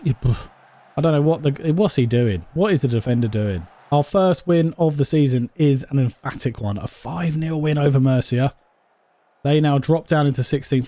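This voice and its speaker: A man commentating on his own football management game, excitable and quick to get exasperated. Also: medium pitch. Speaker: gaming YouTuber.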